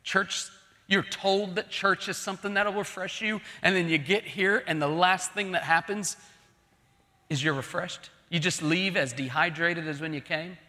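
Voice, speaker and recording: A man preaching a heartfelt sermon in a high, ringing voice that carries with a sharp edge. His delivery is earnest and emphatic, building to pleading intensity. The sound rolls with the long reverb of a big church hall. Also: normal speed. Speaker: pastor.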